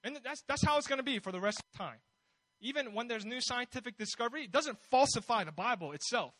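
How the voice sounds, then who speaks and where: A man's voice: extremely high pitch, expressive, fast talker, pushed and bright, dry recording, low-quality recording. A man preaching a sermon in a conversational way, building his points with rhetorical questions and bold emphasis.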